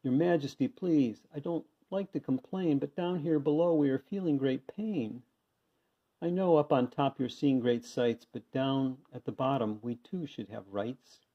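A man's voice: mid-range voice, animated, measured pace. A man voicing a meek, worn-out little male turtle who pleads and groans, on a dull lo-fi recording. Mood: pleading. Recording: dull lo-fi sound.

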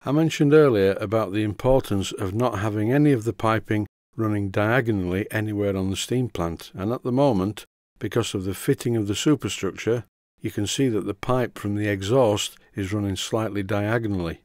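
A Yorkshire man talks through a workshop tutorial in a steady, methodical way, with dry humour. His voice sits low, and the recording is close and dead dry with no room sound. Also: moderate pace, dry recording. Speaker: model engineering tutorial presenter. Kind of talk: instructional voice-over.

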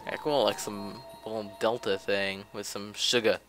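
A man's voice: fairly low pitch, fairly even intonation, normal speed, a bit bright, faint music behind. Offhand young man commenting on gameplay. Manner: offhand, chatty, grumbling. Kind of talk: casual let's play commentary. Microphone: desk mic.

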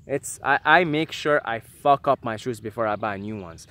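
Bright-voiced man musing, animated and profane. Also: medium pitch, normal speed. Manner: animated, swearing, musing aloud with many restarts. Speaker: vlogger. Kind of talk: casual spiritual monologue.

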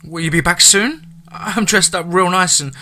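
A man voicing a frightened young woman in a horror story, pleading in a high voice near tears. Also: normal speed, bright, forceful tone. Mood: anxious.

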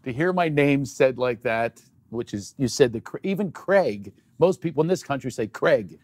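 A middle-aged man, a comedian who chats as a guest. He jokes at speed and hits his punchlines loud. His voice sits mid-range and sounds dry and close to the mic. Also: medium pitch, lively intonation, no echo. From Philadelphia, USA. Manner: quick, jokey, bursts of loud punchlines. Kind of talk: joking interview chat.

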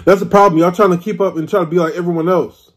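A man in his thirties rants through a mukbang, exasperated and swearing as he drags out his complaints. His voice sits a little high for a man. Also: fairly even intonation, quick pace, fairly bright tone. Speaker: food vlogger. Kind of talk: mukbang rant.

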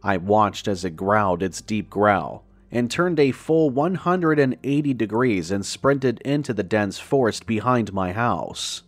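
Reading a first-person horror story for a podcast, a man with a lowish voice lingers on the grim details in a measured, dramatic style. The recording is dry.

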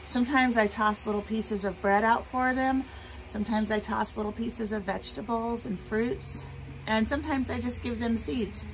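A woman teacher with a raised, light voice talks gently to young children, coaxing them to answer. She records outdoors on a front porch, with trucks and rain plainly audible around her. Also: a little high, moderate pace, low-quality recording. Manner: gentle, sing-song, asking children questions. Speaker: preschool teacher. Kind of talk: children's circle time and read-aloud. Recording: outdoor traffic and rain noise. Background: passing trucks and rain.

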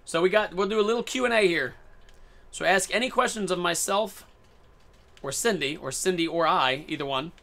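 A man live-streaming a shooter, talking in a casual and playful way as he narrates each moment. His tone is bright and a little edgy, and he jumps from excited outbursts to easy chatter with viewers. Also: high voice, moderate pace, creaky. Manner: excitable, playful, jokey running commentary. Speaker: game streamer.

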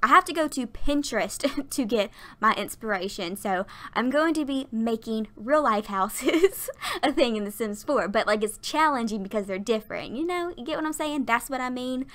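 Chatty and prone to rambling, this twentysomething YouTuber laughs a lot as she talks through a Sims build at work, audibly worn out and breathless. Her slightly high voice is expressive and fairly bright, moving at a moderate clip. It's a casual voiceover picked up by a desktop USB mic.

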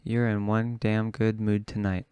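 A man's voice: fairly low pitch, completely flat delivery, unhurried, mellow, clear, resonant tone, no room sound, natural voice. A man reading the lines of a teasing woman at a bar.

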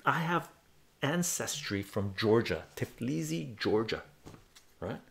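A man's voice: medium pitch, lively intonation, takes it slowly, vocal fry, a bit bright. A man in his forties giving heated, profane political commentary on a live stream and reading chat aloud.

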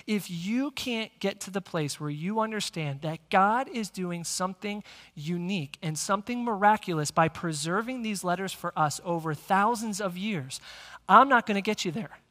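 A male pastor preaching a sermon, energetic and speaking directly to the congregation in a church sanctuary. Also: high voice. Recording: long church hall reverb.

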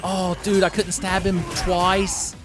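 A young man giving casual, profane commentary while playing a fighting game, often shouting his special moves. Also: high voice, slow, soft background music. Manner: excitable, profane, yelling move names. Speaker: let's-play commentator.

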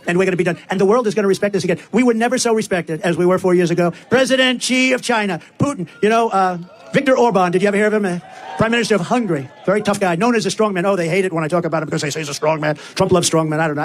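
A man giving a rambling, repetitive campaign speech at a rally, talking straight to the crowd. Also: high voice. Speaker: political candidate at a rally. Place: rally before a live crowd.

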